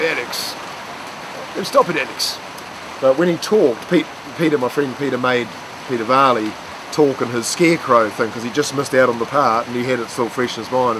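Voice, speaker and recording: A middle-aged man with a New Zealand accent, telling rambling, self-mocking stories about his past. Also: medium pitch. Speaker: storyteller of his own acting past. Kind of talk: casual anecdotal storytelling. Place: outdoors in the rain. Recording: steady rain noise behind.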